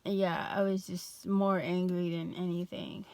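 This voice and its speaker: A woman's voice: fairly low pitch, no room sound. A young adult woman telling a personal story in a casual vlog, loose and full of fillers and restarts. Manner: slow, even, flat delivery. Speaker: vlogger.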